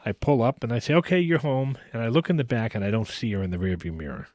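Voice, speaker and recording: A man hosting a podcast, casually telling a long anecdote in an animated way, with frequent restarts. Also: medium pitch, fast talker, dry recording. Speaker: podcast host. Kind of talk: casual storytelling.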